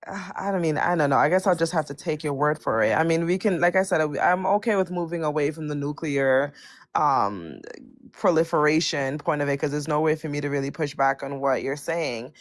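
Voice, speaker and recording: A woman calling in to a political debate show, arguing in a measured, hedging way. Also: deep voice, dry recording. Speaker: caller.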